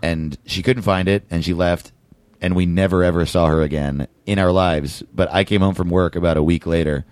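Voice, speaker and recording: A man's voice: sits low, fairly even intonation, moderate pace, darkish tone, no room sound. A man co-hosting a casual podcast, telling a long story with many fillers and restarts. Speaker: podcast co-host. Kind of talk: casual chat.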